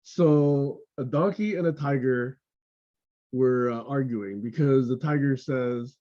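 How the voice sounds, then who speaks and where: A man's voice: medium pitch, takes it slowly, mellow, highs cut off. A man speaking earnestly in a casual group video call, sharing his opinions and telling a fable. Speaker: discussion group member.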